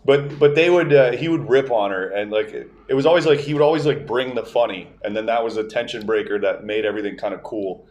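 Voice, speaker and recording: A man chatting on a comedy podcast with a mid-pitched, everyday voice. He tells loose family stories and jumps up in pitch to mimic relatives. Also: quick pace, hardly any pauses, a little mellow. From French-speaking family background. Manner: storytelling, imitates relatives with raised pitch. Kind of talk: casual chat.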